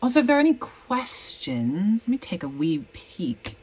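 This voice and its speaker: Playful woman chatting with a lively voice. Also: mid-range voice, normal speed, slightly rough. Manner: playful, sings and hums bits while working. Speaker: guest doing a live signing. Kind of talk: casual livestream chat.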